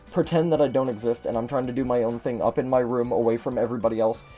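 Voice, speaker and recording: A man's voice: mid-range voice, warm tone. A young man ranting in frustration and swearing freely while he plays a game and talks to his viewers. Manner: frustrated, profane venting. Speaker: gaming video host. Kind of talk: ranting commentary over gameplay.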